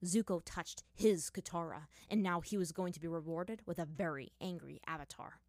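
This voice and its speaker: A woman's voice: lowish voice, normal speed, darkish tone, dry recording, studio quality. Woman narrating a dramatic fan story. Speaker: fan fiction reader.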